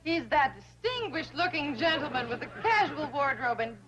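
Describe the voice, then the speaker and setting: A coy flirty secretary. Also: female voice, sits high, sing-song, normal speed, fairly bright tone, a little hiss or hum. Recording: dull old TV soundtrack.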